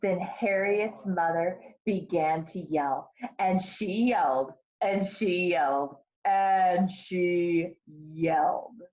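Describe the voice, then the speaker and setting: A woman kindergarten teacher reading a picture book aloud to her class, slow and expressive, pausing to ask the children questions. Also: fairly low pitch, muffled recording.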